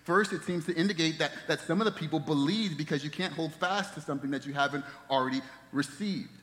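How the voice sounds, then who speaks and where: Pastor preaching in a reverberant hall. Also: male voice, on the high side, quick pace. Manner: storytelling, drops to soft hushed tones at tender moments. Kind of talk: sermon. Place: church sanctuary. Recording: long reverb of a church hall.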